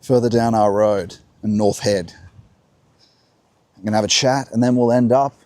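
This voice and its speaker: A man's voice: fairly low pitch, steady tone, normal speed, a little mellow, dry recording. A man hosting a live-streamed talk while walking outdoors, musing and answering his own questions. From Australia. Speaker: host. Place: outdoors by the coast.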